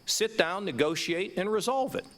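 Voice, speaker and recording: A governor in his sixties talks with passion during an onstage conversation in front of a live audience. His high-sitting, somewhat bright voice is expressive and moves at normal speed, and in his emphasis he trips over repeated words.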